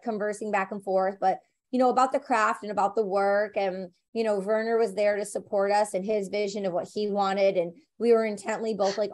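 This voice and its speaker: A woman actor in an interview, chatting casually and telling lively stories full of "like" and "you know". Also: mid-range voice. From United States. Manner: animated storyteller, many fillers like "like" and "you know".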